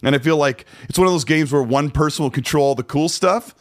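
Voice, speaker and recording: A man's voice: on the high side, fairly quick. A man hosting a podcast in casual chat, laid-back and rambling, with plenty of filler words. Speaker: podcast host.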